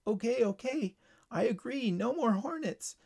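A man's voice: very high voice, expressive, unhurried, gravelly, darkish tone, slightly rough, pitched above the performer's own voice, heavily acted. A man voicing a timid little female ladybug in a storybook reading, with a small, pleading voice.

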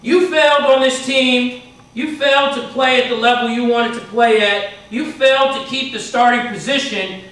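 A man's voice: sits high, a bit bright. A man voicing a stern, fired-up male basketball coach who scolds a player and repeats himself. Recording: echoey hall from far off.

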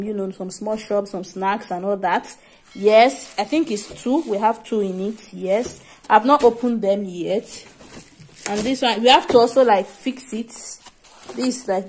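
A young woman chatting to camera at home in a bubbly, giggly way, repeating phrases when excited. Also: medium pitch, slight background noise. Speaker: vlogger host. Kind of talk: casual vlog chat to camera. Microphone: camera set up in front of her.

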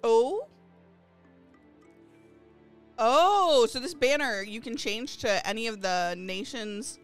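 A woman streaming a game live, chatting to her viewers and gushing excitedly over new items. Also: a little high, unhurried. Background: faint game lobby music.

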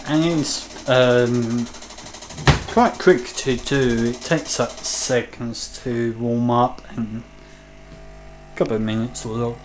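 A British man talks slowly into his handheld camera, wandering through his thoughts with frequent ums and restarts. The home recording is noisy and full of clicks. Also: mid-range voice, fairly even intonation. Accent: British English. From Britain. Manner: hesitant and rambling, many ums. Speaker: vlogger reviewing a coffee machine. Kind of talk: casual vlog.

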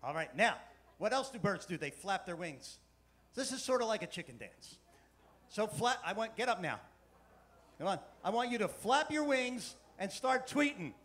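A man's voice: high voice, big pitch swings, normal speed, a bit bright. A man giving a keynote talk to a live audience, playfully coaxing them to join in. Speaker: keynote speaker. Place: conference hall with a live audience.

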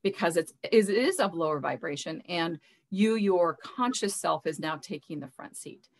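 A woman's voice: fairly low pitch, expressive, moderate pace, low-quality recording. Earnest woman musing on spirituality. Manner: earnest, repeats words while searching for phrasing. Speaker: spiritual mentor, guest. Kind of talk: casual interview talk.

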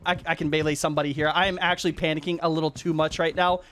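A young man hosting a hide and seek match while playing, giving animated commentary that jumps up into excited yelps. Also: fairly high pitch, rapid-fire, slight background noise.

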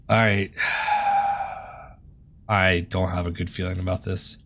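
A man's voice: deep voice, steady tone, measured pace, long pauses, a bit bright. A man doing let's play commentary of a horror game, jumpy and joking, swearing and yelping at the scares. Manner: jumpy, swears, jokes nervously, yelps at scares. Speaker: gaming video host.

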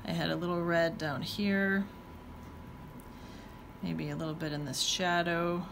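A woman with a lowish voice and vocal fry gives a flat, measured talk-along while painting in watercolor. She's casual and thinks aloud with playful exclamations, and the background is noisy.

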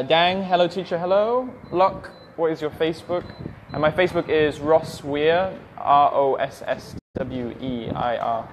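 A man's voice: a little high, slight background noise. A young English man teaching English, reading viewers' questions aloud on a livestream and answering them in a friendly, plain way. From England.

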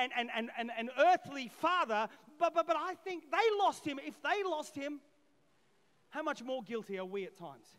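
A middle-aged man preaching a lively sermon as pastor, swinging between loud shouted peaks and quiet asides, acting out voices from the story. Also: very high-pitched. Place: church auditorium. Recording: long hall reverb.

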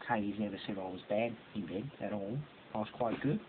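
A man's voice: fairly low pitch, a little fast, pitched below the performer's own voice, lightly acted. A man voicing a parody of a bragging male pop singer interviewed on TV, rambling and repeating himself. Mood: boasting. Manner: rambling, repetitive, boastful. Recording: tinny lo-fi home recording with hiss.

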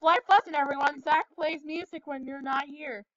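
Woman gaming host, excitable and giggly, high lively voice, muffled home mic. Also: moderate pace, no room sound. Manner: giggly, excitable, breaks into laughter. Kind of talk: casual chat while gaming.

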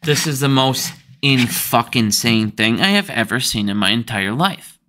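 A man's voice: mid-range voice, animated, unhurried, sharp tone. A man ranting heatedly about banks in a profane finance commentary vlog.

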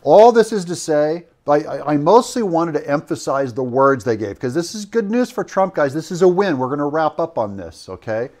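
A man's voice: fairly high pitch, sing-song, moderate pace, few pauses, a little mellow. A man giving opinionated political commentary, rambling with fillers and self-corrections. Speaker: political commentator in a played clip.

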